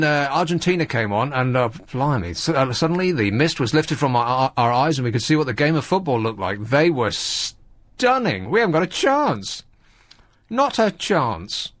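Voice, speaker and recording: Man, radio host, mocking comic patter, somewhat higher voice. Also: sing-song, moderate pace, a bit bright, no room sound. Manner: sarcastic, mocking asides. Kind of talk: casual comic radio monologue.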